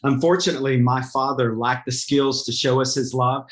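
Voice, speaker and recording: A man hosting a faith podcast, earnest and affirming, often answering with quick amens. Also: medium pitch, flat delivery. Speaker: podcast host. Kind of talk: casual faith podcast chat.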